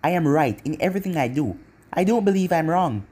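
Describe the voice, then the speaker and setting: A reader voicing a cruel young male ninja villain in a fan fiction story, with a taunting, mocking husky delivery. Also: medium pitch, lively intonation, a little fast, a little mellow. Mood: cold.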